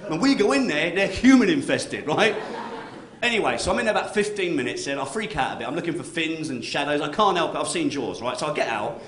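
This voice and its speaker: A man's voice: sits high, fairly bright tone, a little hiss or hum. A man performing a stand-up comedy set on stage, chatty and constantly tagging his lines with "right?". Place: comedy club stage with live audience. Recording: roomy club recording.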